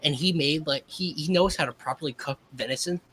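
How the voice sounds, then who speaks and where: A man's voice: fairly high pitch, a little fast, fairly bright tone, slight background noise. A young man in casual podcast chat who stumbles and repeats words as he starts sentences. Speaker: podcast host.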